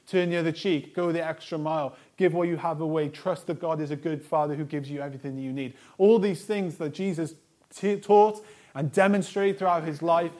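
A man delivers a sermon in a slightly raised voice. He is earnest and builds repeated lists of phrases, dropping softly low and then pressing words out loudly. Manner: swings between a soft, low voice and loud stresses. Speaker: pastor.

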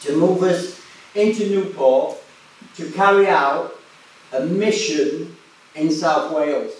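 A man's voice: fairly high pitch, takes it slowly. Preacher man in an echoey room. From West Yorkshire, England. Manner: chatty anecdotes, laughing often. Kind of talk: sermon storytelling. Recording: echoey room, distant mic.

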